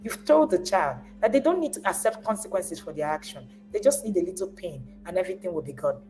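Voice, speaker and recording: A woman's voice: fairly low pitch, lively intonation, quick pace, darkish tone, faint music behind, low-quality recording. A woman giving a live talk as a parenting coach. She speaks with emphasis, repeats phrases to drive points home, and acts out parents as she goes. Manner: repeats words when stressing a point.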